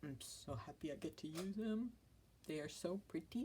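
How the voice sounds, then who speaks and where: A woman's voice: deep voice, expressive, normal speed, background noise. A woman vlogging casually while crafting at home, chatting and rambling to her viewers.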